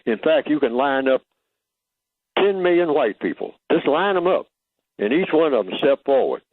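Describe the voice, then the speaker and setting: A man's voice: medium pitch, no room sound. Man lecturing down a tinny phone line. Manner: emphatic, teacherly, poses rhetorical questions. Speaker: radio interview guest. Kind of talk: radio interview talk. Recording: tinny phone-line radio audio, dry.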